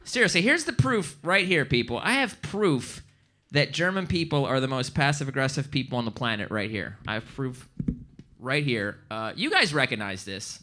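An American man doing stand-up comedy on stage, animated and bursting into loud, shouted impressions. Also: medium pitch. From United States. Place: stage before a live audience.

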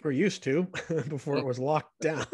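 An enthusiastic man in a casual podcast conversation, telling stories with plenty of earnest energy. His voice sits a little high for a man, and it is recorded close and dry, with no room sound. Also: a little slow, a little mellow, slightly rough, no room sound. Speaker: podcast guest.

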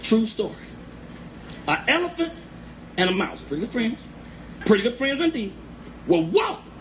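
A man doing a loud, playful stand-up comedy set and teasing the crowd. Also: sits high. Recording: noisy live recording.

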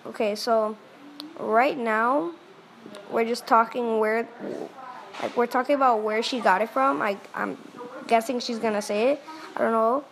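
A woman casually reacting out loud as she reads a chat story, excitable and full of quick exclamations. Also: fairly high pitch, gravelly, slight background noise. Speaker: vlogger reading a chat story.

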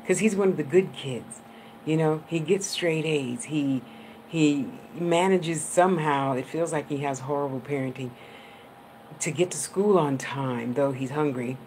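A woman medium gives a live-streamed psychic reading from a room at home. Her voice sits low. She talks in an affectionate, rambling way and laughs often, and faint noise hums under her. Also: unhurried, darkish tone.

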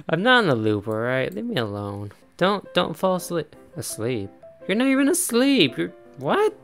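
A man giving casual let's-play commentary, chatty and quick to laugh, talking straight to the game's characters. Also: a little high, huge pitch swings, vocal fry, a bit bright, faint music behind. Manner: chatty, laughs often, talks to game characters. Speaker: gaming YouTuber.

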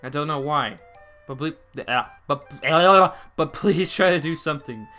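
Young male let's player: bright, slightly high, excitable, game music underneath. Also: a little slow. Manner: jumpy, swearing, dramatic outbursts. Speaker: gameplay commentator. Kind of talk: let's play commentary reading game dialogue aloud.

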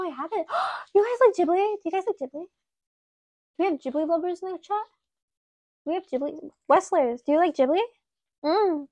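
A woman's voice: high voice, mellow, no room sound. A woman in her late twenties hosting a casual live stream, chatting and giggling with her chat while sculpting clay. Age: 20s. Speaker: livestream host.

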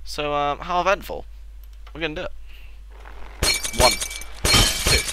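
A young man giving excitable, joking let's-play commentary, crude and sarcastic. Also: on the high side, takes it slowly, pauses often. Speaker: gaming channel host. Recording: loud background noise.

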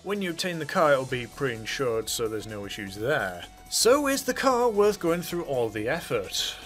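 A man's voice: mid-range voice, sing-song, moderate pace, a bit bright, faint music behind. A man hosting a gaming channel, narrating a casual game review in a chatty, offhand way with jokey asides.

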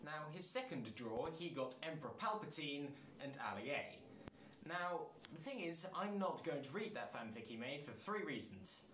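A man's voice: fairly high pitch, expressive, moderate pace, background noise. Bemused man reading aloud in an echoey room. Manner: incredulous, breaks into laughter and asides. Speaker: channel host reading fan fiction. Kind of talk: comedic reading with commentary.

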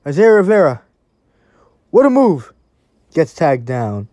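A play-by-play commentator calling a game live, calm on routine snaps and breaking into excited shouts on big plays. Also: medium pitch, takes it slowly, no room sound.

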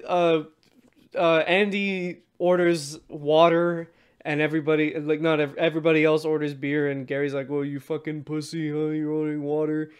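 A man co-hosting a movie podcast, retelling scenes and laughing often. His voice sits a bit high and is smooth and resonant. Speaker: podcast co-host. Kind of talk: casual film review chat.

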